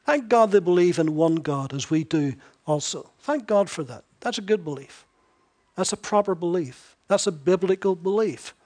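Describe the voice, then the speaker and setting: High-voiced man preaching a sermon. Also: expressive, moderate pace, darkish tone. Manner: emphatic, repetitive, wry asides. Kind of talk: expository sermon.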